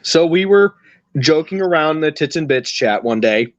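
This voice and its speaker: A man's voice: a little high, animated, normal speed, dry recording, dull audio. Rambling, storytelling podcast host, a man. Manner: rambling, teasing, restarts a lot. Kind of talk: casual chat, storytelling.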